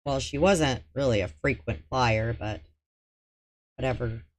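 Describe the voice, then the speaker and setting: A woman who hosts a true-crime channel narrates a murder trial recap in a very deep, slightly slow voice. She reads out testimony and drops in dry, sarcastic asides.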